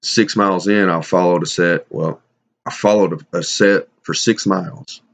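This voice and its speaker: A middle-aged man telling a casual story to camera, rambling and halting, with many restarts and fillers. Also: sits low, steady tone, creaky. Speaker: bigfoot hunter sharing encounters. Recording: dull lo-fi sound.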